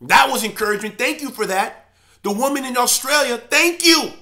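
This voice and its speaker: A man preaching with a high-pitched, bright and forceful voice. He talks with great passion and hammers home his points by repeating phrases. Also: animated, normal speed. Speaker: church elder. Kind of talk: impassioned preaching monologue.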